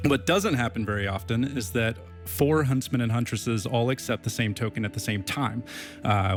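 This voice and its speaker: A man narrating a tabletop game as game master, casual and rambling with many fillers. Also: fairly low pitch.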